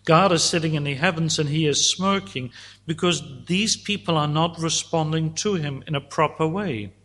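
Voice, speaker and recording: A man preaching a sermon, teaching slowly and deliberately through a psalm and voicing God's words at times. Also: fairly high pitch, fairly bright tone.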